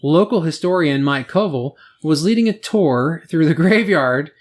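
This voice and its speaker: A man's voice: on the high side, animated, moderate pace. A man co-hosting a podcast, reading news stories aloud with wry, sarcastic asides and frequent laughter. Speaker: podcast co-host.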